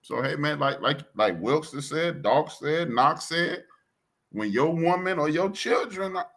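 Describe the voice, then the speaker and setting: A man with a Chicago accent tells a story in slangy, blunt talk. His voice is bright and a little high, and it rises and falls a great deal. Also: lively intonation, unhurried. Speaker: podcast co-host. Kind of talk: casual chat, storytelling.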